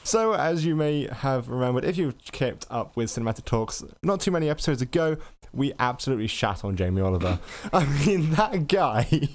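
Giggly lively-toned man. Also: medium pitch. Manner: laughs often, animated. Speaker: podcast co-host. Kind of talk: casual comedic chat.

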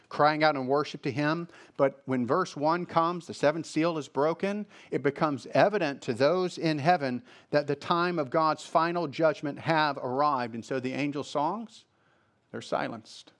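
A male pastor preaching a sermon, reading scripture aloud and explaining it, repeating phrases for emphasis. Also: on the high side.

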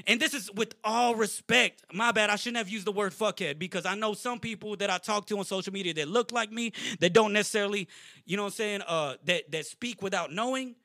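A man's voice: high voice, pushed and bright, no echo. A man co-hosting a podcast, speaking in an impassioned, apologetic way and close to tears. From Latino. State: emotional, close to crying. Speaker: podcast co-host. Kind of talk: emotional podcast rant.

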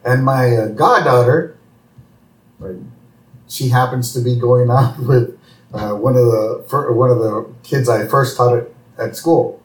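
A man's voice: mid-range voice, unhurried. A man co-hosting a podcast, chatting casually and laughing while he recaps an episode. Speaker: podcast co-host. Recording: roomy, distant mic.

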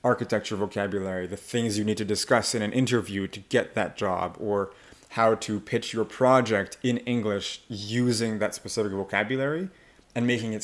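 A man with a fairly low voice talks through accent coaching in a relaxed podcast chat. He explains things step by step and now and then demonstrates how a word is pronounced. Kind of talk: casual podcast conversation.

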